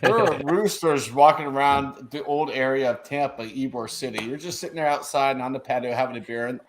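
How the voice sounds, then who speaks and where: A man co-hosting a casual live stream, joking around and laughing loudly. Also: medium pitch, fairly quick, low-quality recording. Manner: jokey, bursts into loud laughter. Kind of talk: casual chat.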